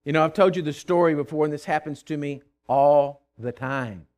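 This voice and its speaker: Pastor guy preaching, bit high-pitched, gets loud then goes quiet, stammers and restarts a lot. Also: normal speed. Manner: emphatic storytelling, swings from loud declarations to quiet asides. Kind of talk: sermon.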